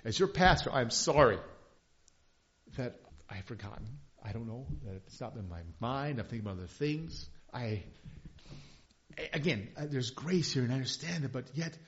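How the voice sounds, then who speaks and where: A male pastor preaching a sermon, impassioned, swinging from hushed confession to loud emphasis. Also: mid-range voice, moderate pace. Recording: dull lo-fi recording.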